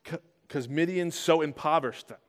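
A male pastor preaching a casual, conversational sermon, asking rhetorical questions and getting louder to stress his points. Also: fairly high pitch, fairly quick. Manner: rises in volume when stressing points.

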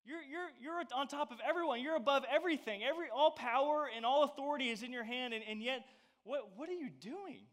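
Ein ernster, flehender Jünger, der ungläubig auf seinen Meister einredet, von einem Mann mit hoher Stimme gespielt. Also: male voice, very high-pitched, fast, fairly bright tone, voice pushed up. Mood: pleading disbelief. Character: earnest man pleading with his master, disbelieving.

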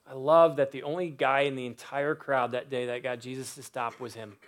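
A man preaching a sermon, earnest, with pauses and rhetorical questions. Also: medium pitch, level tone.

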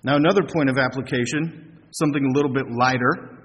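A middle-aged man preaching a sermon as a pastor, earnest, asking rhetorical questions and slowing down for emphasis. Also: medium pitch, a bit bright, husky. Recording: long hall reverb, faint noise.

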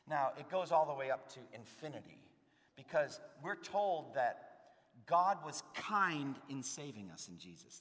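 An earnest male preacher delivering a sermon, his tone bright and forceful. He presses hard on key words, then drops to a near hush. The sound carries a long reverb from a large hall. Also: a little high. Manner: earnest, emphatic, swings between loud and hushed.

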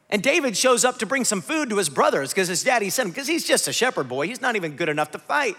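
A man gives a sermon in a high, bright voice that rises and falls with lively swings. He talks to the congregation in a casual, joking way. The sound carries the long reverb of a large hall. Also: fast talker, few pauses. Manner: animated, conversational, jokes with the audience. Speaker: pastor.

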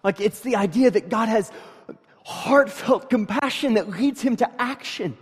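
Preacher with echoing hall reverb. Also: male voice, high-pitched, a little slow, breathy edge, soft background music. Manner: swings from quiet reading to loud emphatic preaching; conversational, with fillers and restarts. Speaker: pastor. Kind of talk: sermon.

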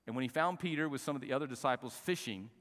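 A pastor preaches a sermon in a mid-range voice at a quick pace, with a big-room sound. He moves from soft, conversational talk to raised, shouting passages and has the congregation repeat phrases back.

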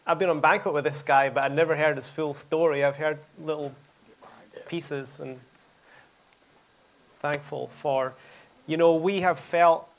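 A man's voice: on the high side, steady tone, a little slow, long pauses. A man leading a prayer meeting, praying aloud with impassioned, repetitive cries. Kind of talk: fervent spontaneous prayer.

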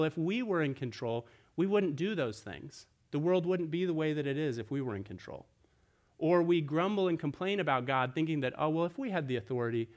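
A man preaching a sermon, explaining earnestly, with his volume rising and falling as he stresses points. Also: fairly high pitch. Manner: earnest, explanatory preaching with lively swings in loudness. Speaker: pastor.

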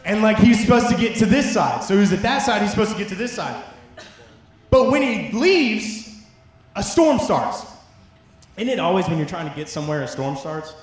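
Young man, casual youth sermon, jokey storytelling, high voice, heavy echo. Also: normal speed. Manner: animated storytelling, jokey asides, lots of "like". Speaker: youth preacher. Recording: very echoey room.

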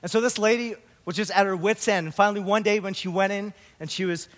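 A man pastor giving a sermon, opening with a story and then preaching slowly and earnestly. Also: high-pitched, fairly even intonation, a bit bright.

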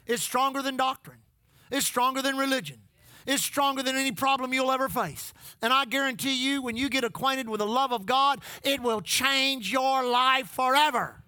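A man's voice: extremely high pitch, steady tone, moderate pace, pushed and bright, dry recording. A man, preaching a sermon who repeats his phrases and calls out to the congregation. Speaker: pastor. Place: church.

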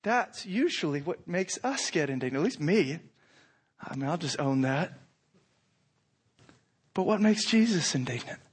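A middle-aged man preaching a sermon, animated, acting out imagined lines with rising intensity. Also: fairly high pitch, measured pace, pauses often, slightly rough. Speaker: pastor.

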